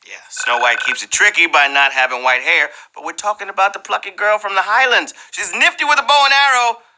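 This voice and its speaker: Bright, lively man hosting a trivia show. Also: sits high, fairly quick, low-quality recording. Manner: playful, slangy, animated, teasing the players. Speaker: trivia game show host. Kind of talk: live game show hosting.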